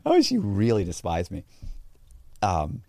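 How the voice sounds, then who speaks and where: Animated man with a lively, low voice. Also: a little slow, creaky, no echo. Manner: animated, acts out quoted voices. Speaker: interview guest. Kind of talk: casual storytelling.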